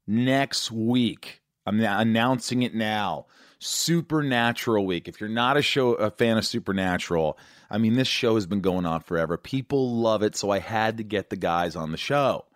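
A man's voice: on the low side, moderate pace, no echo. Dry, rambling male podcast host. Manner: rambling, scattered, jokey. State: out of breath. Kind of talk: casual interview chat.

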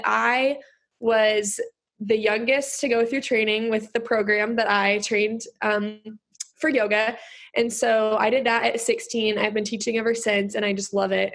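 A woman's voice: medium pitch, gravelly, fairly bright tone. A young woman in her late teens, a guest on a podcast, chatting in a bubbly way with many fillers. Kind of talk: casual interview chat.

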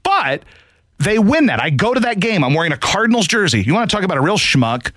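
A man in his thirties hosting sports talk radio, telling a long story in an animated way with shouted asides. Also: high-pitched, fast, dry recording. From St. Louis area.

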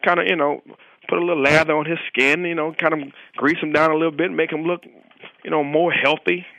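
A man's voice: fairly high pitch, steady tone, fairly quick, sharp tone, no echo, poor audio. A young man, a pro football player, telling a rambling anecdote as a podcast guest and leaning on "you know". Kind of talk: casual anecdote storytelling.

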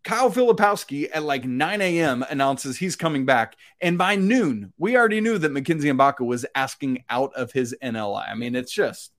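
A man's voice: medium pitch, animated, moderate pace, few pauses, fairly bright tone. A man co-hosting a casual sports podcast, chatty and self-deprecating, often laughing at himself. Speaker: podcast co-host.

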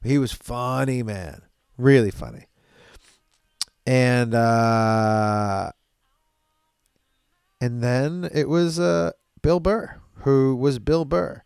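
Profane podcast man, smooth voice. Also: medium pitch, drawn-out words, pauses often, no room sound, clean studio sound. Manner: profane, animated, laughing between stories. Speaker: podcast host. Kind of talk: casual storytelling chat.

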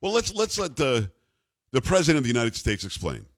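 Animated sarcastic male radio host. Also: mid-range voice, a little fast, slight background noise. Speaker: radio talk show host. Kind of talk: casual banter, talk radio. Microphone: studio mic.

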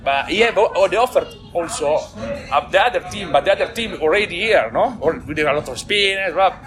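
An Italian man, a team manager, speaking in halting, broken English with many restarts and frequent laughs in a post-race interview. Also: sits high, animated, music in the background.

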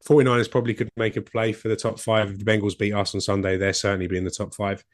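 A man's voice: fairly low pitch, level tone, racing, dry recording, clean studio sound. A man with a Cockney accent co-hosting a sports podcast, chatty and enthusiastic. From England. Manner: chatty, enthusiastic, repeats himself when thinking. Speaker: podcast co-host. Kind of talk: casual sports chat.

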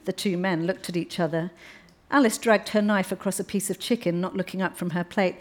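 A woman's voice: on the low side, fairly even intonation, brisk. Enthusiastic woman author discussing her book.

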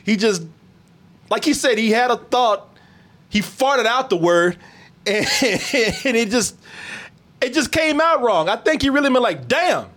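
A man hosting a casual reaction chat, animated, laughing often and swearing freely. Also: very high voice, a little slow, long pauses. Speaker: podcast host.

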